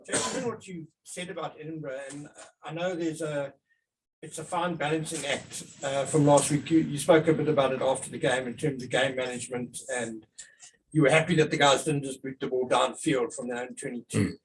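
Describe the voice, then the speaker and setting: A man reporting on sport asks a coach a question, building his argument step by step before getting to it. His voice sits a little high and is picked up from away from the mic, with faint noise and clicks behind him. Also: fairly even intonation, fairly quick, far from the mic, low-quality recording. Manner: thoughtful, lays out an argument before asking. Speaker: sports journalist. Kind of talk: asking a press conference question.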